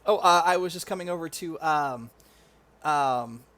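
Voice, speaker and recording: A man voicing a nervous, stammering low-rank sergeant who keeps apologizing. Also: measured pace, bright, forceful tone. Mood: flustered.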